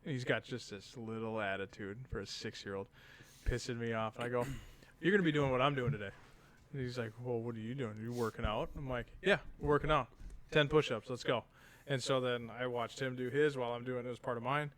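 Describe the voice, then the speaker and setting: A man's voice: medium pitch, brisk. A man in his thirties, a podcast co-host, telling a casual story and acting out what people said. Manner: animated storyteller acting out quotes. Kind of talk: casual chat.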